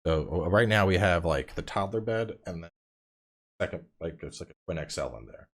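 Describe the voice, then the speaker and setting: Casting: man, 30s, very low voice with swooping, animated delivery; casual podcast guest who acts out his anecdotes. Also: a little fast. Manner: animated storytelling, acts out quotes, swears casually. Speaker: podcast guest, game streamer. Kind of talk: casual chat.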